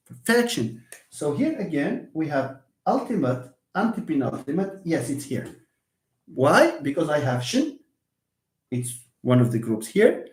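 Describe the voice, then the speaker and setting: A man's voice: on the high side, very animated, measured pace. A man teaching English word stress in a live online lesson, explaining patiently and repeating example words. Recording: echoey room.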